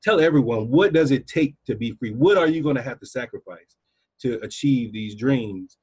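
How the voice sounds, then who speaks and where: A man's voice: mid-range voice, lively intonation, moderate pace, darkish tone, breathy edge, no echo. A man hosting a casual interview, eagerly agreeing and asking loosely worded questions. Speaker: host.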